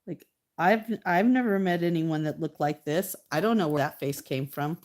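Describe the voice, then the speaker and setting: A woman's voice: low-pitched, normal speed, a little mellow. A middle-aged woman chatting casually while she paints live, talking to her painting and thanking viewers. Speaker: artist livestreaming.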